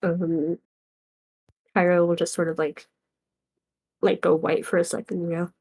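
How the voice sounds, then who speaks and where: A woman's voice: lowish voice, little pitch movement, a little slow, long pauses, a little mellow, slightly rough, low-quality recording. A woman playing in a tabletop game, hesitant and starting her lines with um. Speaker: player.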